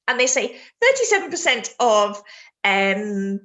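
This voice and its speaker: A British IELTS teacher gives essay feedback during a live online lesson, chatting freely, laughing easily and reading viewers' messages aloud mid-sentence. Her voice is medium-pitched and fairly bright, with big pitch swings and a slightly slow pace.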